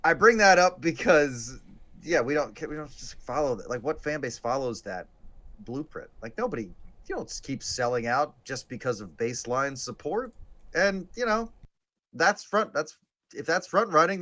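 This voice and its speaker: A man co-hosting a casual sports chat livestream, talking in animated bursts and laughing often. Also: fairly high pitch. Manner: animated, quick bursts of laughter, lively put-on quotes. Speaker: podcast co-host.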